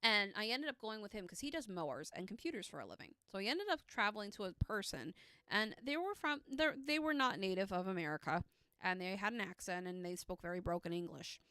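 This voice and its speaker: A woman's voice: medium pitch, lively intonation, fairly quick, bright, forceful tone, clean tone, no echo, clean studio sound. A woman in her thirties chatting casually on a live stream as a tarot reader. She rambles and teases herself, with lots of fillers and restarts. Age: 30s. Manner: rambling and self-teasing, with many fillers and restarts.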